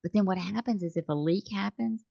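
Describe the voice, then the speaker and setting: A woman, a business owner being interviewed, who talks in an animated way and acts out her customers' phone calls. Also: mid-range voice, fairly quick, gravelly, no room sound. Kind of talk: conversational interview. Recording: slightly dull dry recording.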